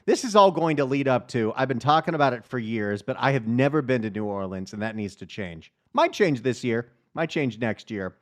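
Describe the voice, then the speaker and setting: A man's voice: medium pitch, expressive, a little fast, few pauses. A middle-aged man hosting a call-in talk radio show, chatty and upbeat as he takes calls. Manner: upbeat, chatty, reads the phone number often. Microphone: studio microphone.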